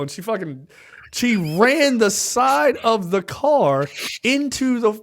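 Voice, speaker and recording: A man's voice: extremely high pitch, slow pace, a little hiss or hum. A man co-hosting a movie review podcast, casually retelling scenes with laughs and acted-out lines. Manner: animated, laughing, acts out film scenes. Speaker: podcast co-host.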